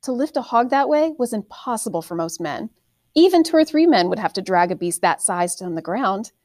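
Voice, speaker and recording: A woman's voice: mid-range voice, dry recording. Woman reading a fantasy novel, dry sound. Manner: steady, measured storytelling. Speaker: audiobook narrator. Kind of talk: scripted fantasy novel narration.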